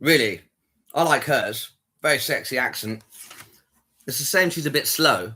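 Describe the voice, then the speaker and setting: A man hosting a livestream taunts a caller with teasing, mocking, flirty provocations. His mid-range voice is expressive, pushed and bright with a breathy edge, and he talks at a moderate pace.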